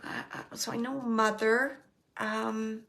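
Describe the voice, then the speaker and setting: A woman's voice: a little high, little pitch movement, takes it slowly, creaky, fairly bright tone. A middle-aged woman working as a psychic medium, giving an emotional live reading to an audience and relaying messages with emphasis. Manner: emotional, tearful at times, relaying quotes with emphasis.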